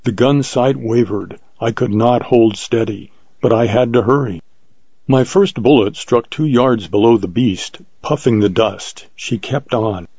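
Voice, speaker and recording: A man reading an adventure story aloud in a measured, vivid way, on a dull lo-fi recording. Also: mid-range voice, darkish tone, breathy edge, no room sound. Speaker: narrator. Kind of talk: scripted narration of an adventure story.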